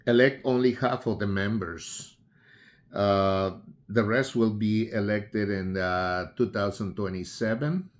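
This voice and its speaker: Slow-talking man. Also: lowish voice. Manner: unhurried, halting, with frequent fillers and restarts. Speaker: political commentator. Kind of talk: casual spoken commentary.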